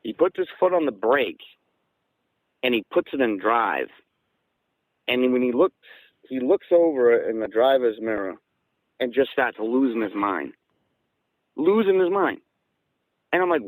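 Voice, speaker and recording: A man from southeastern Massachusetts, a guest on an interview show, telling a story in a casual, excited way that turns louder and higher when he quotes people. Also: unhurried, pauses often, no room sound, rough recording. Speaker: guest recounting an encounter.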